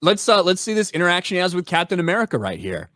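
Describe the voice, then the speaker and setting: A man's voice: sits high, very animated, very fast, pushed and bright, no room sound, clean studio sound. A man co-hosting a casual commentary chat, sarcastic and mocking in tone. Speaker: co-host.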